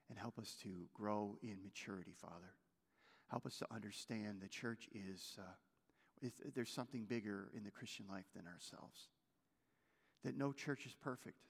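A man preaching a sermon as pastor, moving between loud urgent stretches and hushed, almost whispered lines. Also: lowish voice, gravelly, big-room sound.

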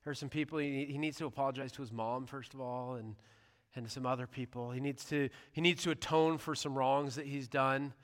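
A man's voice: mid-range voice, fairly even intonation, fairly quick, long reverb tail. A man preaching a sermon as pastor, speaking in an earnest, conversational way in a church sanctuary.

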